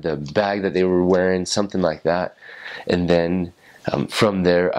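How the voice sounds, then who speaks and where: A young man with a very low, deep voice talks casually and loosely, circling back over his words with frequent restarts. He has the easygoing manner of someone sharing personal tips from time spent abroad as a missionary. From United States. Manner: rambling, many restarts and acted-out quotes. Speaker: former missionary. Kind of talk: casual explanatory talk.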